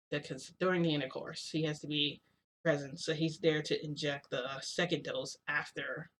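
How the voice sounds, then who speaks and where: A woman vlogger telling a casual story, rambling and excitable, often correcting herself. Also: low voice.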